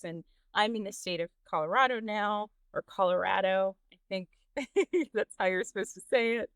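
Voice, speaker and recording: A woman's voice: lowish voice, fairly bright tone, no echo. Candid laughing woman podcast host. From Texas. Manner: candid, laughs often, hesitant restarts. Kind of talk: casual interview chat.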